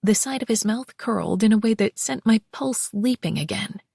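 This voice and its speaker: A woman narrating a first-person romance audiobook in an expressive, wry way on a close mic. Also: mid-range voice, moderate pace, creaky, husky, no room sound.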